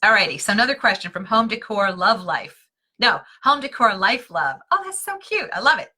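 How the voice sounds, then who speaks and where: Chatty, bright-voiced woman teaching design. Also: medium pitch, lively intonation, a little fast, husky. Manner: chatty and self-deprecating, with many fillers and asides. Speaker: interior design teacher hosting a live stream. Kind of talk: casual live-stream teaching.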